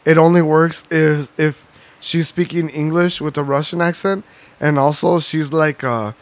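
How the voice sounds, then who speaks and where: A man's voice: on the high side, steady tone, a little slow, dry recording. Profane man rambling on a podcast. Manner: profane, rambling, laughs often. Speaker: podcast co-host. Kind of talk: casual chat.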